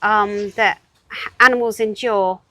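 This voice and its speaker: A woman's voice: medium pitch, steady tone, measured pace, bright, forceful tone, no room sound. A woman hosting a casual interview, encouraging her guest with light teasing. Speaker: host. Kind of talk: casual chat.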